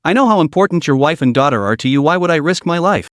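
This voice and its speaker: A man's voice: fairly high pitch, expressive, fast, a bit bright, no echo. Give me a man playing a cowardly gangster who stammers and pleads, with a dry close sound. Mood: pleading. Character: cowardly male gang rival, lying and pleading.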